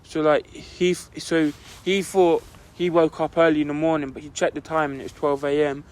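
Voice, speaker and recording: Young man, fairly high voice, rambling, casual podcast storytelling. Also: little pitch movement, normal speed. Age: young adult. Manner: rambling, fills with "like" constantly. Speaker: podcast co-host.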